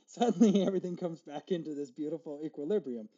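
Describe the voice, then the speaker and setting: A man on a podcast talks in a reflective, halting way, stumbling over words and voicing his own thoughts aloud. His voice is very dark and mellow yet sits a little high. The recording sounds dull and muffled. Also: lively intonation. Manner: reflective, stammers and restarts, acts out inner dialogue. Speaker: podcast guest. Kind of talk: casual conversation.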